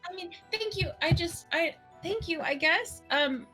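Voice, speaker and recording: A woman playing a scared young woman who talks fast and stumbles over her words. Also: extremely high pitch, sharp tone, faint music behind, heavily acted. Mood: worried. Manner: rushed, stumbling restarts.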